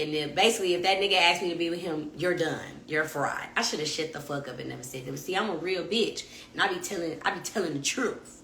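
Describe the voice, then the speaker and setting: A young adult woman, hosting a podcast and telling a story in blunt, profane, animated casual talk. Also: deep voice, quick pace, creaky, slight background noise. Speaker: podcast host. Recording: echoey room.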